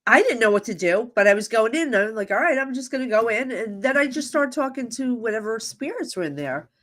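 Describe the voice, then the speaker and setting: Lively middle-aged woman telling stories. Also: on the high side, fairly quick. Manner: animated storyteller who laughs often and acts out voices. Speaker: psychic medium guest. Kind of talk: casual podcast chat.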